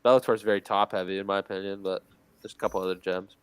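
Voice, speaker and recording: A man with a low voice who talks bluntly and says his points twice. He curses freely in a casual chat about fight cards. His sound is dry and close on a home mic. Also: little pitch movement, fast, clean tone, no echo. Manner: blunt, repeats himself, swears. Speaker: podcast co-host.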